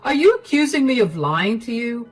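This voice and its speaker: A man's voice: very high-pitched, big pitch swings, moderate pace, faint music behind, full character voice. A woman voicing a lazy, defensive unemployed husband in a narrated story, with a whiny, evasive way of talking.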